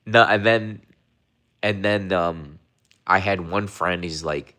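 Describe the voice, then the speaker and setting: This young man's deep, bright, forceful voice takes things slowly, with long pauses, as he hosts a casual livestream. He repeats himself and rambles to chat, occasionally mocking viewers confrontationally.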